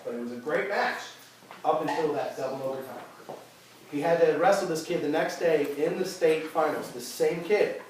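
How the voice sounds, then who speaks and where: A man, a youth wrestling coach, retelling a season's matches to his team in an animated way, full of fillers and restarts. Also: on the high side. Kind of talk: end-of-season speech to a team. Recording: roomy hall, voice from far off, crowd noise.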